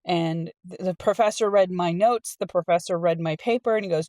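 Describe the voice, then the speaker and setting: A middle-aged woman reading a storytime aloud and telling her own college story in a chatty, animated way. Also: on the low side, normal speed, no room sound. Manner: chatty and animated, acts out quoted people. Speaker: storytime reader and channel host. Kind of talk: casual storytime reading with personal anecdote.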